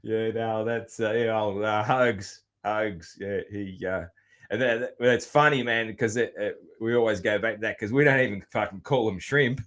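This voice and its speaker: A man's voice: lowish voice, steady tone, normal speed, a bit bright. A man with an Australian accent hosting a podcast interview in a laid-back, casual way, swearing freely and leaning on fillers. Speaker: podcast host.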